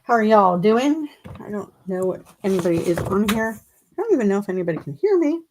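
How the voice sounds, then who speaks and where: A woman's voice: medium pitch, big pitch swings, a little fast, a little mellow, a little hiss or hum, poor audio. A middle-aged woman, a mindset coach, hosting a casual live stream at her computer. She rambles and laughs at herself while chewing gum, talking into a desk mic. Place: at a table with her computer, indoors. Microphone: plug-in desk mic.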